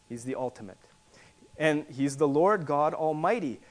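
Preacher, male, slightly high voice, teaching sermon that builds to emphatic repeated lines. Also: lively intonation, normal speed. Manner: teaching, repeats words for emphasis, rising to forceful passages.

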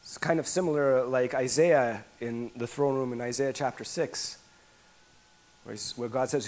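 A man preaching a sermon as pastor, swinging between hushed, drawn-out phrases and emphatic repeated lines, with frequent restarts. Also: mid-range voice, low-quality recording.

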